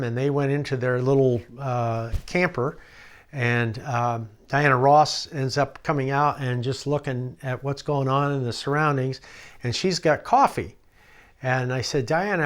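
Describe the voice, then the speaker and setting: An older man telling rambling stories in a documentary interview, chuckling and acting out the voices of the people he quotes. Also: mid-range voice. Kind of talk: storytelling anecdotes.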